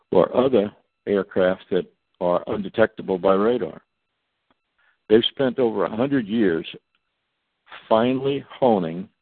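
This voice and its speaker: A man's voice: low-pitched, slightly rough, dry recording. A man speaking as a guest on a talk radio show, in a long emphatic monologue, spelling out acronyms letter by letter. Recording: tinny phone line.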